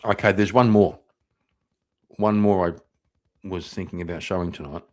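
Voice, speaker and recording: A man's voice: low voice, steady tone, measured pace, a little mellow. A man hosting a live stream, reacting to clips in loose, profane commentary, laughing and repeating himself. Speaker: livestream host reacting to clips.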